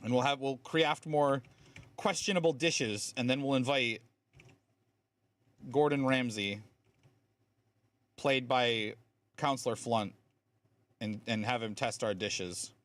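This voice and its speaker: A man's voice: mid-range voice, steady tone, slow, long pauses, fairly bright tone. A man streaming a game, explaining game mechanics in a chatty way with lots of fillers. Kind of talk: casual live-stream commentary.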